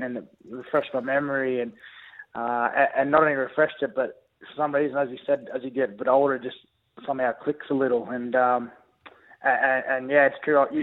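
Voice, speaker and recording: A young man answering radio questions over a tinny, narrow phone line. His voice is middle-pitched and relaxed, and he wanders through his answers with lots of ums and restarts. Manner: relaxed, rambling with fillers and restarts. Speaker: guest rugby league player.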